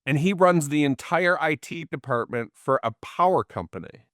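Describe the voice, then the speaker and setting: In a casual interview, the male guest talks at normal speed with a fairly high voice, recorded in a clean studio without room sound. He's a lively storyteller who acts out the characters in his anecdotes.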